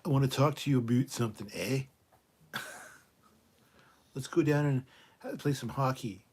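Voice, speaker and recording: A man's voice: mid-range voice, normal speed, breathy edge, voice pushed up, lightly acted. A man putting on a chummy mock Canadian guy. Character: cheery hockey-loving everyman, chummy and upbeat.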